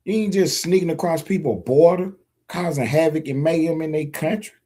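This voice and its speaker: A man's voice: fairly high pitch, moderate pace, mellow, husky. Emphatic man preaching to his viewers. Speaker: political commentator. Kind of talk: direct-to-camera opinion monologue. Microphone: streaming setup mic.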